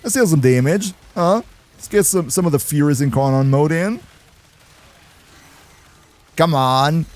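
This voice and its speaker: A man's voice: fairly high pitch, unhurried, pauses often, a little mellow. A man streaming a game live, chatting casually, laughing often and answering viewers in the chat as he plays. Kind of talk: casual livestream gameplay commentary.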